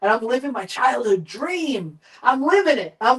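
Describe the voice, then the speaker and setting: A man guesting on a live chat show, telling long, animated and profane anecdotes about film work. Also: very high voice, moderate pace, hardly any pauses, recorded from a distance, poor audio. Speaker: guest, makeup effects artist and director.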